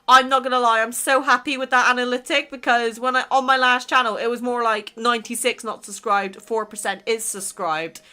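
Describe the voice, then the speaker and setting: A woman casually chatting as a YouTube creator, excitable and full of exclamations as she goes over her channel. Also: a little high, a little fast, hardly any pauses, clean tone. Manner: excitable, exclaiming, laughs between remarks. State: emotional, near tears. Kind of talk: casual vlog chat reviewing channel stats.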